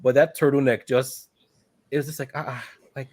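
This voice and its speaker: A man's voice: mid-range voice, flat delivery, brisk, darkish tone, no room sound. A man co-hosting a podcast, casually retelling a film's plot, quoting characters and laughing often. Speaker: podcast co-host. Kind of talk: casual movie recap.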